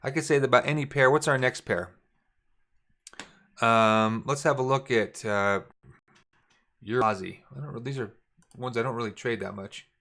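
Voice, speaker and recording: A man's voice: medium pitch, normal speed, pauses often, pushed and bright. A middle-aged man giving a casual, repetitive trading lesson while drawing on charts. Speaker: trading instructor. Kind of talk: screen-share trading lesson.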